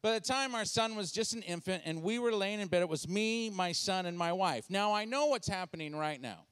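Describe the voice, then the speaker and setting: A man's voice: high voice, expressive, brisk, a bit bright, clear, resonant tone, no echo. A man in his forties speaking as a guest in church, telling stories in a playful, self-deprecating, conversational way. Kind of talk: comedic storytelling sermon. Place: church sanctuary.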